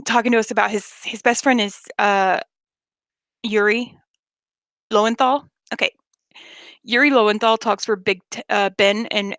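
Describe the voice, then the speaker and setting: A woman's voice: mid-range voice, vocal fry, dry recording. A young woman with a Southern US accent telling rambling stories and chatting casually with her viewers late at night. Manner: rambling, animated storytelling with frequent laughs and swearing.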